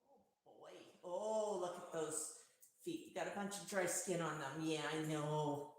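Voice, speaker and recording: A woman's voice: low-pitched, a little slow. A woman hosting a casual live stream, chatting to her parrot in a cooing, coaxing pet-talk voice. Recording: very echoey room.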